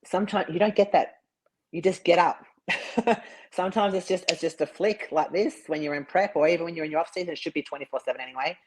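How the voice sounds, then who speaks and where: A man's voice: fairly high pitch, quick pace, poor audio. Earnest man telling his story. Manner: earnest, repeats words when stressed. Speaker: interview guest, bodybuilder. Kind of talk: casual interview storytelling.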